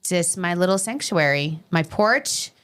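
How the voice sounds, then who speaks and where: A middle-aged woman with a New York accent, hosting a podcast as a casual chat and telling animated stories. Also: fairly low pitch, measured pace, smooth. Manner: animated storyteller, quotes people in voices. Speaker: podcast host.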